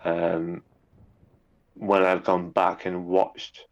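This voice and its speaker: A man's voice: deep voice, completely flat delivery, drawn-out words, dull audio. A man chatting casually in an interview, rambling a little with repeated words and fillers. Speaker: guest, YouTube narrator.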